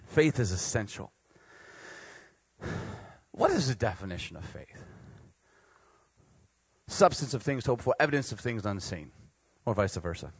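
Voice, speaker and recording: A young man preaching a sermon to university students, joking and animated, swinging between loud outbursts and quiet, earnest points. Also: fairly low pitch, a little slow, long pauses, slightly rough, no room sound. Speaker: pastor speaking to university students.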